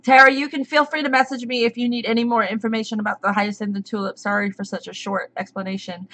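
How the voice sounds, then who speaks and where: A chatty woman hosting a homestead live stream, her voice sitting a little higher than most. She talks casually to her viewers, greeting them by name and answering their questions. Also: fairly even intonation, quick pace, hardly any pauses, a bit bright.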